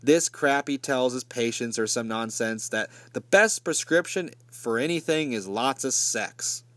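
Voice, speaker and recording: A man's voice: mid-range voice, measured pace, fairly bright tone, no echo. Sarcastic, profane man recapping a movie. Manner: sarcastic and profane, with mocking asides. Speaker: movie reviewer.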